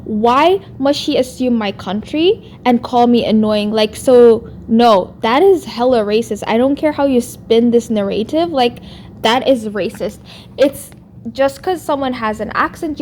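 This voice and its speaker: A woman with a non-American English accent rants into the camera for her vlog. Her voice sits a little high, and she sounds exasperated, with "like" woven through nearly every sentence. A faint hiss runs under the recording. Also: unhurried, a little mellow. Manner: exasperated, heavy use of "like". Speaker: YouTuber responding to another creator. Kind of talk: vlog rant.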